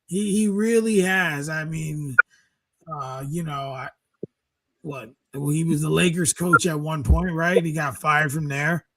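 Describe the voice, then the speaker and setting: A man's voice: on the high side, unhurried, a crowd in the background. A man in casual sports chat, talking things through in a questioning way.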